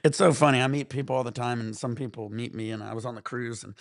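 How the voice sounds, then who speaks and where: Stream host, male, gravelly voice, dry close sound, swearing through a road-rage story. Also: mid-range voice, fast, no room sound. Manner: profane, animated ranting. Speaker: livestream host. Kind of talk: casual storytelling to stream chat.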